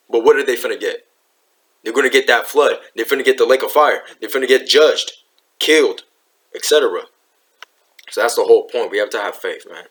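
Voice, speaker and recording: A man teaching a Bible lesson in a casual, slangy way. He tags his lines with "right?" and "man", and drops lower and slower to read scripture aloud. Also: fairly bright tone.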